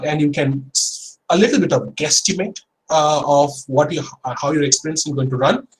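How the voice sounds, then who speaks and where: A man's voice: on the high side, poor audio. A man, giving a guest lecture in an earnest, conversational storytelling way and often correcting himself mid-sentence. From India. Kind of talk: conversational online lecture, personal anecdote.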